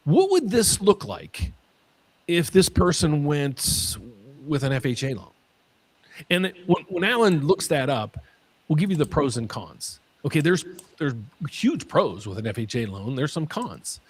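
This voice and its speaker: A man hosting a mortgage Q&A stream, talking in an excitable way and often repeating his words. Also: fairly high pitch, measured pace, husky. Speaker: mortgage lender host.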